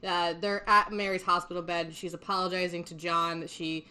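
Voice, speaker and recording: A woman's voice: fairly low pitch, little pitch movement, normal speed, bright, forceful tone. Chatty young woman recapping a film. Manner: chatty, laughs often, swears casually. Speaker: podcast host recapping a film. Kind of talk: casual chat.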